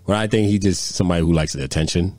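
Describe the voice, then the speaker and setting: Very deep-voiced man telling rapid stories. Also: darkish tone, dry recording, clean studio sound. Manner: profane, rambling anecdotes with repeated fillers. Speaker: podcast co-host. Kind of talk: casual storytelling chat.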